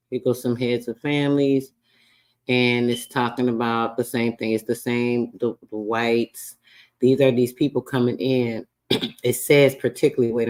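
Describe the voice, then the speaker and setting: A man hosts a casual livestream in an everyday, mid-pitched voice. He talks loosely and swears freely, reading out old records. His manner stays relaxed but openly frustrated. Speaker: livestream host.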